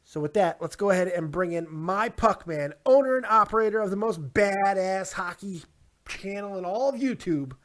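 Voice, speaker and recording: A man with a high, light voice hosts a casual sports talk show. He is upbeat and jokey and talks to his guest over a call. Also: expressive, normal speed, fairly bright tone. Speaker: podcast host. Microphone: Skype call.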